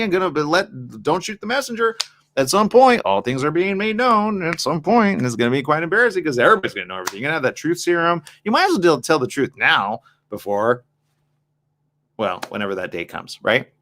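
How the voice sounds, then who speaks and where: An animated male host delivering a casual advice monologue. His voice is bright and swings widely in pitch as he acts out both sides of an argument and talks straight to the ladies in the room. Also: a little hiss or hum. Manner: addresses the ladies in the audience directly.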